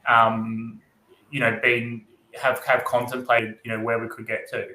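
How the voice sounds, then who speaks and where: A man speaking as an interview guest in a thoughtful, halting way, filling his pauses with fillers. His voice is bright and forceful, and the recording has a roomy echo. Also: mid-range voice, flat delivery. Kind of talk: casual interview answers.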